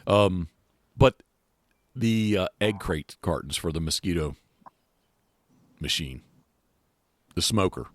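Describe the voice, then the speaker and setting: A man's voice: low voice, slow, pauses often, dry recording. A man hosting a podcast in casual chat, rambling with many restarts and fillers. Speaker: podcast host. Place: outdoors.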